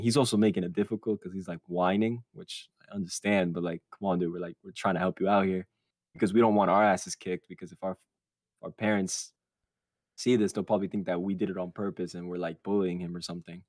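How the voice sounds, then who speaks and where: A man's voice: low voice, a little fast, no room sound. A young man co-hosting a podcast, telling a childhood story in casual, profane chat and acting out other people's lines. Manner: animated and profane, quotes others in put-on voices. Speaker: podcast co-host.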